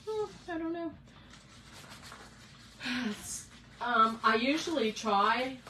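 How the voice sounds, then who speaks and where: A woman's voice: medium pitch, a bit bright, a little hiss or hum, poor audio. Chatty woman hosting a craft stream. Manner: chatty, greets viewers by name, thinks aloud. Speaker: craft host. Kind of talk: live craft painting demo. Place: home craft room.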